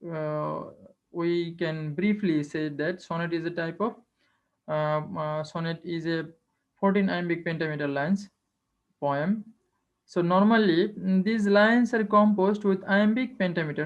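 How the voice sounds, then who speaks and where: A teacher giving an online lecture, explaining step by step and repeating key phrases. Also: mid-range voice. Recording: dull lo-fi online class recording.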